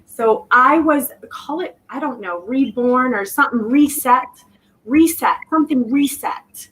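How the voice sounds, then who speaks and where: Woman w/ a high voice telling her story, halting and thoughtful, sounds kinda far from the mic. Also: expressive, fairly bright tone. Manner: reflective, halting, restarts often. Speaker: guest. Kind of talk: personal story in an interview. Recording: voice distant from the mic.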